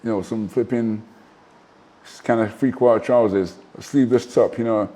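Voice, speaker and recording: A middle-aged man recounts his stories in a casual interview. His voice is dark and mellow, and his delivery is animated and full of asides and restarts. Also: medium pitch, normal speed. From Manchester, England. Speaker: guest, former professional boxer.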